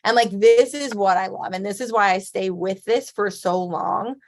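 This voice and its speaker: A woman's voice: mid-range voice, normal speed. A woman in her thirties, a guest athlete in a casual interview, talking in a chatty way, with lots of "like" and frequent laughs.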